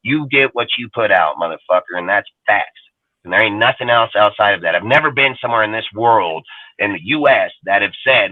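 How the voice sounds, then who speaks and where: A man's voice: on the low side, expressive, a little fast, no room sound. A man hosting a live sports fan show, ranting bluntly with constant swearing from inside a parked car. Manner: blunt, heavy swearing, repeats "bro" and "dude". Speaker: podcast host. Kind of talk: profane fan rant on a live stream. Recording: dry, tinny phone-quality audio.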